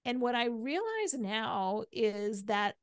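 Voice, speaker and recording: A woman's voice: on the high side, sing-song, takes it slowly, smooth, dry recording, studio quality. A middle-aged woman guesting on a podcast, telling her story candidly and chattily, with "like" and "right?" in nearly every sentence.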